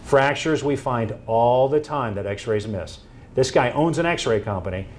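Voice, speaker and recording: A man giving a presentation to an audience, telling stories and acting out quoted dialogue in an animated way. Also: mid-range voice, a little slow, slight background noise.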